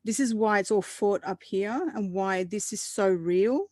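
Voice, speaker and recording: A woman guest in a casual roundtable chat, animated and quick to laugh, often restarting her sentences. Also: medium pitch, no room sound, clean studio sound.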